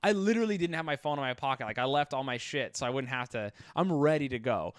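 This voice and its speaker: A man's voice: mid-range voice, animated, quick pace, smooth, dry recording, clean studio sound. A young man co-hosting a podcast, telling a story in casual chat. He swears a lot and acts out the people he quotes in raised voices. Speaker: podcast co-host.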